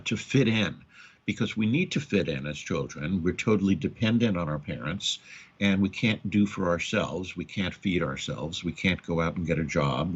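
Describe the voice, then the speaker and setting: A man hosting a counseling radio talk, speaking haltingly with many repeated words and acting out quoted parents. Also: low-pitched, breathy edge. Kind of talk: radio talk on addiction and trauma. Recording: dull lo-fi radio audio.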